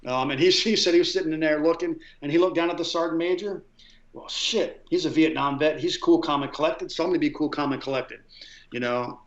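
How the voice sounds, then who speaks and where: A middle-aged man with a fairly high voice tells service stories in a loose, rambling way, filling gaps with "um" and "you know". His audio sounds a little muffled and dull, like a modest podcast setup. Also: steady tone, fast talker, roomy sound. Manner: rambling, frequent fillers and quoted dialogue. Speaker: guest, retired Marine gunner. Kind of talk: conversational storytelling.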